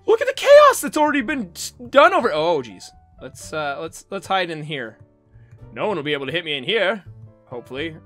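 A man hosting a gaming channel, giving excitable, goofy let's-play commentary full of exclamations and silly noises. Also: sits high, dry recording.

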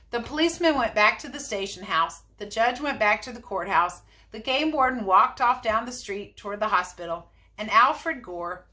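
Woman teacher, storybook read-aloud, high, bright, animated. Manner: expressive, lively reading.

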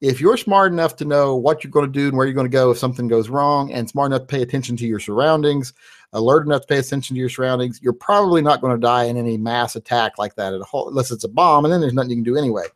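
A man hosting a casual live stream, answering viewer questions in a relaxed, conversational way. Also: mid-range voice, racing. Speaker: channel host answering live chat.

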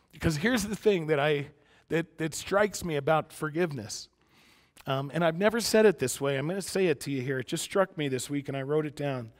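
A man preaching a conversational sermon to a congregation, moving between emphatic points and quiet, soft-spoken asides, picked up by a church microphone. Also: fairly high pitch. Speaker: pastor. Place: church sanctuary before a congregation. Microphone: church sound system microphone.

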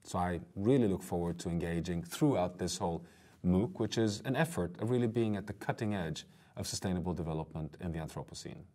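A man with a low, deep voice lectures for an online course. He speaks earnestly and stresses his key points, talking straight to his viewers. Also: fairly quick. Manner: earnest, emphatic, addresses viewers directly.

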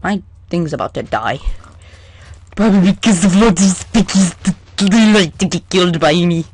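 A let's play gamer giving casual gameplay commentary in a hyper, excitable way, chatting to the creatures in the game. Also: medium pitch, moderate pace, slight background noise.

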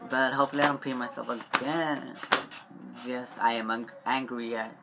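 A young man rambling in a confessional vlog, upset and stressed, halting and trailing off with frequent swearing. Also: mid-range voice, steady tone, gravelly, heavy background noise.

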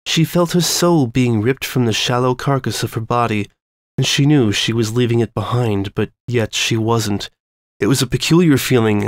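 A man reads a dark story aloud in a measured, ominous way. His pitch sits in the middle of the range, and the close recording has no room sound. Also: no room sound. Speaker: story reader. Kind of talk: dramatic reading of a dark fan story.

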